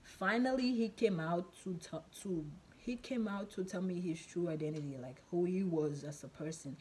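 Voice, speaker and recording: A woman's voice: on the low side, moderate pace, darkish tone, husky. A woman vlogger telling a casual storytime in a chatty, rambling way, full of fillers and repeats.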